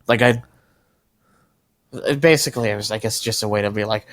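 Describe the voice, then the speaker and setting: A man's voice: fairly low pitch, brisk, long pauses, a bit bright, no room sound. A man co-hosting a casual podcast chat while watching wrestling, rambling and explaining with frequent restarts. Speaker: podcast co-host.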